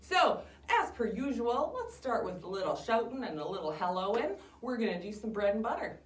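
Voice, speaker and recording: A cheerful woman leads children through rhymes and a story, her pitch jumping all over. She sounds a little far from the mic, in a roomy, echoing space. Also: moderate pace. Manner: cheerful, animated, talks to kids. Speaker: children's storytime host at a library. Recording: roomy echo, distant mic.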